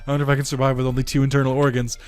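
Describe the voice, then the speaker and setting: A man's voice: completely flat delivery, very fast, darkish tone, lightly acted. A man voicing a flustered young girl who runs a shop, stammering and panicky. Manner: stammering, panicky, raised pitch.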